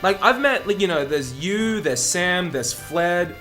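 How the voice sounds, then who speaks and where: A man's voice: high-pitched, lively intonation, unhurried, bright, forceful tone, soft background music. An Australian man, a speedrun streamer, chatting casually and rambling as he answers his live chat.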